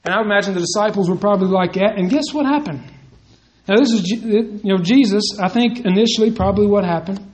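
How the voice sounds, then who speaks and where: High-voiced preacher addressing the men. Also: male voice, fast talker, poor audio. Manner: conversational, addresses the men directly, acts out quotes. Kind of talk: sermon with scripture reading.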